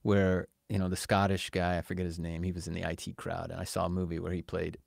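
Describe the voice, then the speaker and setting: A fairly low-voiced man co-hosts a podcast in an easygoing, animated way, slipping into other people's voices as he rants. His voice is recorded close and dry, with almost no room sound. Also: quick pace, vocal fry, no echo. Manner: animated, ranting, acts out quoted voices. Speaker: podcast co-host. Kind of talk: casual conversation.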